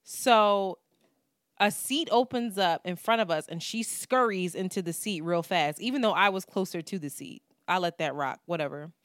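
A woman's voice: lowish voice, moderate pace, dry recording, studio quality. A woman, co-hosting a podcast and telling a story in casual, profane talk, acting out what people said. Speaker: podcast co-host.

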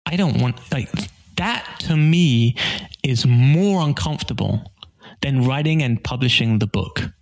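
A man's voice: medium pitch, unhurried, gravelly, poor audio. A man as a podcast guest, telling stories animatedly and acting out the lines of others. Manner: animated storyteller who acts out dialogue. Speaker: guest author. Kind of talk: podcast interview.

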